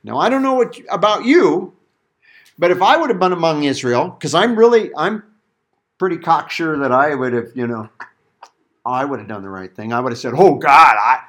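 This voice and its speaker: Animated, high-voiced male Bible teacher. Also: normal speed. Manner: animated, rising to emphatic peaks, acting out quotes. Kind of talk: Bible study sermon.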